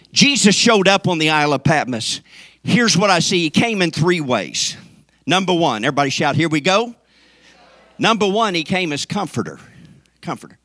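A man preaching a sermon with fervor, swinging from shouted calls to the congregation down to near whispers. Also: on the high side, no room sound. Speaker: pastor.

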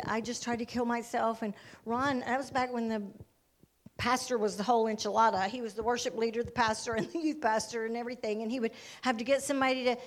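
Woman missionary, sermon testimony, slightly high voice, fervent storyteller. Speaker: missionary giving her testimony.

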